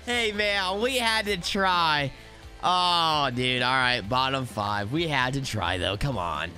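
A man's voice: medium pitch, slow, faint music behind. Young guy hyped up narrating his ranked baseball game, really bouncy voice, chatting at his players. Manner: excitable, talks to the players on screen. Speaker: gaming YouTuber. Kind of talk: live gameplay commentary.

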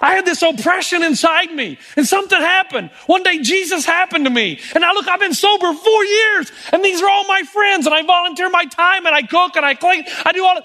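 A man voicing a joyful man who has been sober for four years and thanks God for it, exclaiming excitedly. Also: extremely high pitch, brisk, few pauses, voice pushed up. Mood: excited, grateful.

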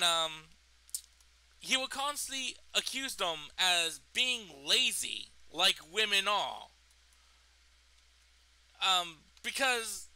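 A young man rambles through a personal story, swearing and restarting his sentences. His voice sits high and sounds very bright and sharp. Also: clean tone, poor audio. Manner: rambling, profane, full of fillers and restarts. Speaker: storytime vlogger. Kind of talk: casual storytime.

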